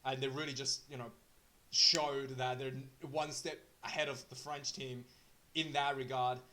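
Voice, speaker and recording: A man talking through a rugby match review in a casual, unscripted way, halting often with fillers and restarts. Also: mid-range voice, little pitch movement, bright, forceful tone.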